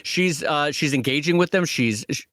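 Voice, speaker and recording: A podcast co-host chats casually in an animated, joking, storytelling style. His voice is a little high and moderately paced, recorded at studio quality with no room sound.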